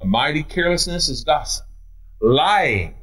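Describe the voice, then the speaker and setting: A man's voice: fairly high pitch, sing-song, measured pace, a bit bright, slightly rough, low-quality recording. A middle-aged man with a Midwestern American accent preaching a sermon from a church pulpit, with big swings in delivery. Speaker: pastor. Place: church sanctuary.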